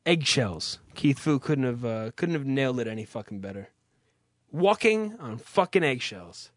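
A man's voice: medium pitch, expressive, normal speed, no room sound, studio quality. A young man hosting a podcast, ranting in an irritated, profane, unscripted way, then reading an ad. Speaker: podcast host. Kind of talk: profane rant and ad read.

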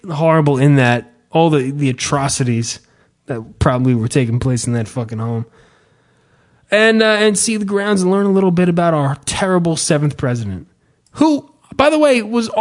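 Animated, profane comedic storyteller, male. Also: on the high side, moderate pace.

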